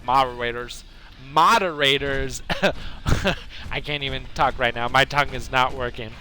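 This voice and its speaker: Bright-voiced man streaming a game. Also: mid-range voice, measured pace. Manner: rambling, reads out and answers chat. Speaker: gaming livestreamer. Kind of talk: casual chat over gameplay.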